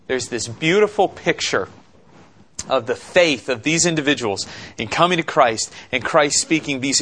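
A man preaching an expository sermon, slow and deliberate, with dramatic pauses and rhetorical questions. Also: on the high side, a bit bright. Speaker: pastor.

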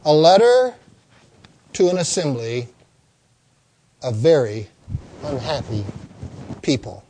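Older male pastor with a slightly high voice, folksy and emphatic, for a sermon read. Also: big pitch swings, warm tone, a little hiss or hum. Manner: folksy storytelling, slow emphatic lists and repetitions.

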